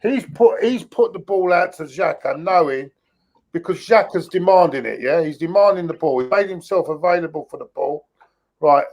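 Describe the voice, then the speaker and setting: A man's voice: on the high side, lively intonation, normal speed, darkish tone. Sarcastic man on a shaky video call. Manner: sarcastic, firm opinions. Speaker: guest pundit. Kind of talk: casual football fan chat. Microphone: video call over weak internet.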